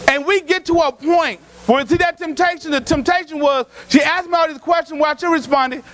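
A pastor preaching a sermon, telling stories from his own life in a folksy, colloquial way, acting out what people said and rising to shouts. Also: very high-pitched, a little fast, a little hiss or hum. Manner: storytelling preacher, acts out quotes, rises to shouts.

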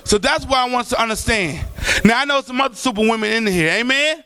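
High bright-voiced preacher man shouting. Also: expressive, fast talker, clean tone. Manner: impassioned, shouting, sing-song preaching cadence. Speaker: pastor. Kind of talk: sermon. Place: church.

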